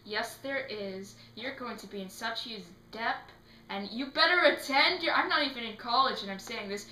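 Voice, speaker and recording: A teenage girl answering interview questions in a casual, animated way, acting out little scenes as she talks. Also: a little high, moderate pace, slight background noise. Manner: animated, acts out quotes in put-on voices. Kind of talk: casual chat. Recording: echoey room.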